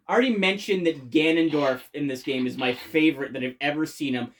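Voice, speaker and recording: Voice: mid-range voice, brisk, few pauses. A game reviewer talking casually and enthusiastically, swearing constantly and rambling with many fillers and restarts.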